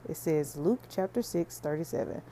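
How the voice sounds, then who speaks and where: Woman podcasting about faith, earnest and preachy, lowish mellow voice, faint hiss behind. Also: lively intonation, moderate pace. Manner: earnest, preachy, conversational, addresses listeners as y'all. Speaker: podcast host.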